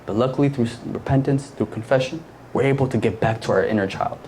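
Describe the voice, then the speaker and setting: A man's voice: medium pitch, fast talker, a little mellow, slight background noise. A young man preaching a casual sermon to a youth group, slangy and conversational, often quizzing his listeners with questions. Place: church service.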